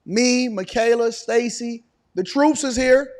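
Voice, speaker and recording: Man in his 40s, high-pitched streamer host, animated and preachy. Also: slow pace, background noise. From Detroit, Michigan. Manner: animated, preachy, hammering repetition. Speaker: political commentary host. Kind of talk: live-stream reaction commentary.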